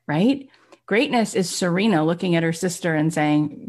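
Animated woman podcast host. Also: on the low side, a little slow. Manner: animated storyteller, lively quoted voices. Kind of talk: casual podcast chat.

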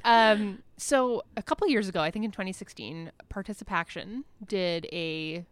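A woman's voice: medium pitch, normal speed, clear, resonant tone, no room sound. A woman co-hosting a podcast in casual chat, talking with a slight lisp and laughing often. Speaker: podcast co-host.

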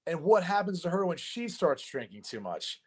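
A man's voice: sits high, very animated, normal speed, slightly rough. A man in his thirties hosting a casual sports talk show, rambling and chatty with lots of fillers. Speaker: host.

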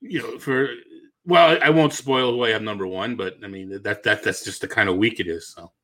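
A man's voice: lowish voice, brisk, a bit bright. A man with a Boston accent co-hosting a sports podcast, thinking aloud in casual chat, correcting himself and laughing easily. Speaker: fantasy baseball analyst, co-host.

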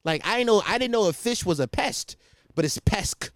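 A young man hosting a podcast, in a casual comedic rant that is profane and animated, and he laughs at his own stories. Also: sits high, fairly quick, no room sound, clean studio sound. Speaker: podcast host.

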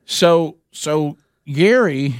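A man, co-hosting a radio talk show and telling a story in an animated way with many restarts. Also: fairly high pitch, extremely slow, smooth, no room sound, studio quality.

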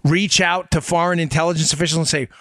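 A man's voice: on the high side, fairly even intonation, quick pace, a bit bright, no room sound, studio quality. A man hosting a political podcast, delivering emphatic commentary full of rhetorical questions aimed at his listeners. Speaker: podcast host.

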